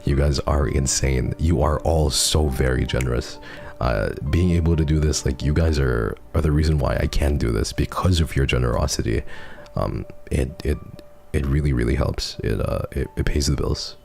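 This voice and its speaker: Deep, gravelly male streamer, soft-spoken and earnest, close to the mic. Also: normal speed, faint music behind. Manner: soft-spoken, earnest, often lapses into whispers; laughs often, gets teary while reading. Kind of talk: casual chat reading donations.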